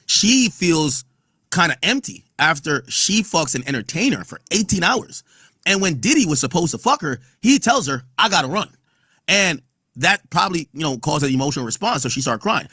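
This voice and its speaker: Husky-voiced man, blunt podcast host. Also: a little high, sing-song, moderate pace, sharp tone, dry recording, clean studio sound. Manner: blunt, profane, reads quotes aloud and riffs on them. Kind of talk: casual commentary reading court testimony.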